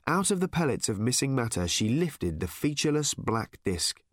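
A man narrating a story aloud in a wry, measured way. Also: mid-range voice, sing-song, dry recording, studio quality. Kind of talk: audiobook narration.

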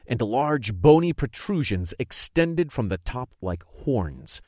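A man narrating a first-person fantasy audiobook with expressive storytelling. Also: on the low side, no room sound, clean studio sound.

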